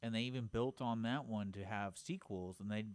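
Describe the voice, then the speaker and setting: A man's voice: fairly low pitch, normal speed, dry recording. A man co-hosting a radio show, chatting casually with a dry, teasing manner. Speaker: radio co-host.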